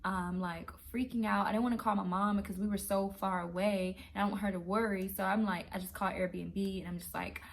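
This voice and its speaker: A woman telling a true travel story in a casual, animated way, acting out her own reactions. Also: mid-range voice, fairly quick, vocal fry, few pauses. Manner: animated, excitable retelling. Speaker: travel vlogger.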